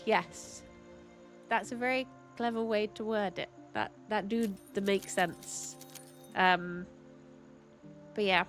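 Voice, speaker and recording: A woman's voice: medium pitch, fairly even intonation, slow pace, long pauses, fairly bright tone, faint music behind. A young woman chatting casually while streaming a game, full of "like"s and frequent laughs. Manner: chatty, many "like"s, laughs often.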